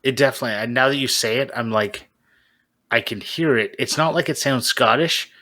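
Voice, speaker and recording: Bright-voiced male podcast co-host. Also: mid-range voice, brisk. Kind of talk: casual podcast chat.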